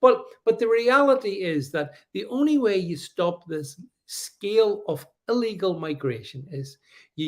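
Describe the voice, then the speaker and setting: A high-pitched man runs a political commentary livestream, reading viewer comments aloud and firing back emphatic, sarcastic answers. He stammers and restarts frequently, tossing in sarcastic asides.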